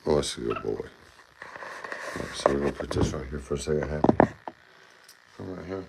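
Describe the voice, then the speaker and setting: A man's voice: a bass voice, animated, brisk, creaky, very noisy. A man hosting a home video, playfully coaxing and cheering on his pet monkey indoors. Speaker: pet monkey owner and channel host. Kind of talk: casual video narration to a pet.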